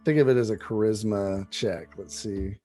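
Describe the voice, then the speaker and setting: Low mellow-voiced dungeon master. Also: male voice, moderate pace, faint music behind. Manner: casual, filler-heavy, hesitant narration. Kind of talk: narrating a tabletop game. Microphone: online call microphone.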